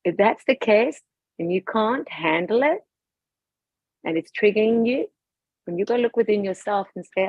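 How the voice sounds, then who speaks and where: Outspoken woman, gravelly husky voice, dry close sound on a dull lo-fi recording. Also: medium pitch, expressive, normal speed, pauses often, dry recording. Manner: emphatic, forthright and outspoken. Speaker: guest. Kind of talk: passionate personal talk.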